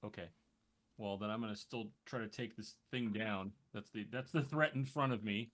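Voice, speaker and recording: Brief: tabletop player, man, mid pitch, bright voice, casual and wry. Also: normal speed. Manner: chatty, self-mocking about dice. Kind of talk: casual chat at a tabletop game.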